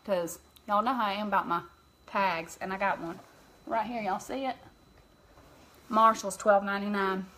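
A woman's voice: medium pitch, fairly even intonation, moderate pace, long pauses, fairly bright tone, slight background noise. A woman hosting a casual makeup live stream, chatting openly and greeting her viewers by name as she goes. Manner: emotional, open about feelings.

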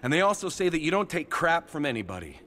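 An actor playing an eager young male fan, gushing and excited. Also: a little high, quick pace.

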